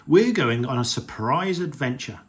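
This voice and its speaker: A man's voice: medium pitch, lively intonation, normal speed, natural voice. A man voicing a jolly, playful father pig in a read-aloud storybook, hearty and showy. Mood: cheerful.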